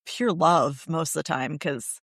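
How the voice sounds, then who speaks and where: A woman's voice: sits low, a little slow, a bit bright, dry recording, studio quality. A woman guest on a podcast, talking candidly and animatedly in casual conversation and swearing freely.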